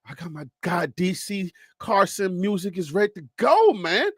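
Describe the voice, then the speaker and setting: A man with a Liberian accent hosting a sports talk stream, talking fast and energetically as he gives viewers shout-outs. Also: high-pitched, sing-song, slightly rough, no echo, studio quality. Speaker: sports talk show host. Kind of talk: casual live-stream chat with shout-outs.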